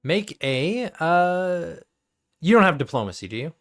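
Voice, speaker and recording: A man's voice: fairly high pitch, big pitch swings, measured pace, soft background music. A man running a tabletop game as game master, rambling and laughing as he corrects himself.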